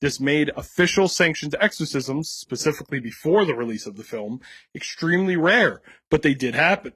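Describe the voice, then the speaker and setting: A man's voice: fairly high pitch, lively intonation, normal speed, a bit bright, slightly rough, no echo. An American man hosting a podcast, telling a story in an irreverent, casual comedic style. He swears a lot and laughs at his own jokes. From United States.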